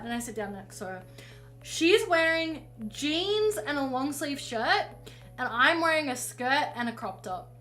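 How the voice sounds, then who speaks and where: A woman's voice: a little high, a bit bright. A young woman streamer telling a long casual story, rambling and swearing, with frequent self-interrupting asides.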